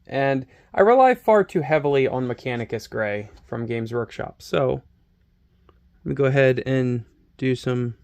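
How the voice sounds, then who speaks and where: A man with a slightly mellow, mid-range voice runs a relaxed hobby painting tutorial. Speaking near his camera microphone, he keeps up chatty, self-mocking commentary and thinks out loud as he paints.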